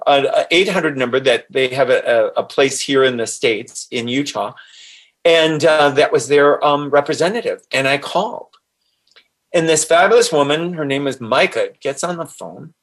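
Excited man telling his story. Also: fairly high pitch, moderate pace. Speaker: guest, author. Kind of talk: personal storytelling.

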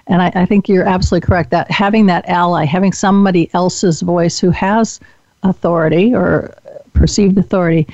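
A woman host with a low, gravelly voice sums up and affirms her guest's points in a reflective way. The audio is dry and dull, with no room sound and a muffled, lo-fi tone. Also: a little mellow, no room sound. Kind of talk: interview hosting.

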